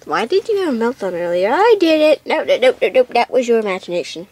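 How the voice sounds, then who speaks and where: A woman's voice: on the high side, very animated, quick pace, a little mellow, a little hiss or hum. A woman making a doll show, doing every character in playful switching voices, recorded at home. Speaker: doll video maker voicing all characters.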